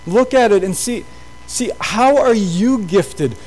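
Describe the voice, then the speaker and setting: A man's voice: high voice, expressive, takes it slowly, a little mellow, low-quality recording. A pastor giving a sermon to his congregation in an earnest, urging way, often repeating phrases.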